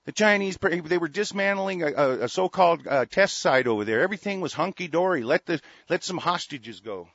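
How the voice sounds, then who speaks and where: A man's voice: a little high, animated, brisk, hardly any pauses, a bit bright, no echo. A man ranting angrily about politics as a show host, swearing often and restarting his sentences. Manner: profane, heated, many restarts. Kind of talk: angry political rant. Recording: dull lo-fi dry recording.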